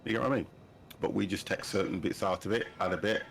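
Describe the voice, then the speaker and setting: Chatty man, gravelly low voice. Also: fast talker, a little hiss or hum. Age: 50s. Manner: chatty, laughing often, animated storytelling. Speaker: livestream host. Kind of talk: casual chat while gaming.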